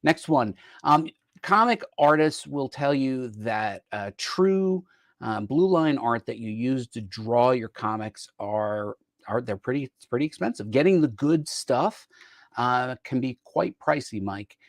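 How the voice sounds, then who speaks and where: Male show host, playful and chatty, dry close mic, mid-pitched voice. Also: expressive, measured pace, no room sound. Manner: upbeat, playful, frequent fillers. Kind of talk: casual chat about gifts.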